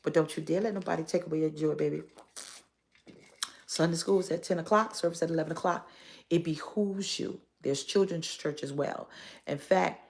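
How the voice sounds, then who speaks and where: A woman's voice: low-pitched, moderate pace, gravelly, darkish tone. A woman pastor, giving playful, exhorting church announcements on a phone live stream and dropping into whispers now and then.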